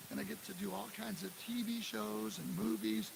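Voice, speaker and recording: Gravelly high-voiced man in his sixties. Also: fairly quick, few pauses. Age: 60s. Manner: animated storyteller who acts out quotes and scats drum parts. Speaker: guest drummer giving a clinic. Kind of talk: live clinic talk and storytelling. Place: music store clinic before an audience. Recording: live room with steady hiss.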